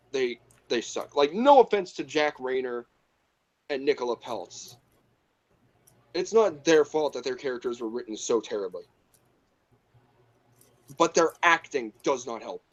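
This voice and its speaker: A man's voice: mid-range voice, muffled recording. A man co-hosting a casual movie review chat, talking bluntly, swearing and mocking the characters he dislikes. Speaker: podcast co-host.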